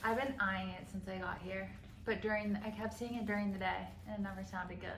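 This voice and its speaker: A woman's voice: medium pitch, fairly even intonation, a little fast, a bit bright. Young woman chatting into her phone, tired, laughing, echoey noisy street behind her. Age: young adult. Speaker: vlogger. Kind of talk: casual vlog. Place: city street outdoors, later indoors in a room. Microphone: handheld phone.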